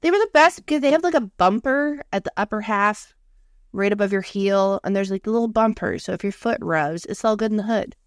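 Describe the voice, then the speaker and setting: A woman's voice: medium pitch, a little fast, dry recording, studio quality. A woman in her thirties co-hosting a podcast in casual chat, talkative, swearing freely and filling with "like". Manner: chatty, swears freely, lots of "like". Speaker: podcast co-host. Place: lives in Canada.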